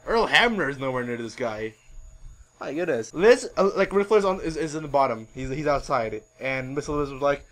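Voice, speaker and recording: A man hosting a podcast in casual chat, rambling and animated with many filler words. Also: medium pitch, a little fast, rough recording. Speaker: podcast host.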